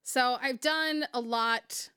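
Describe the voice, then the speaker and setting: A woman's voice: a little high, slow, bright, forceful tone, smooth, no room sound, clean studio sound. A woman co-hosting a casual podcast, emphatic and passionate, swearing freely. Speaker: podcast co-host.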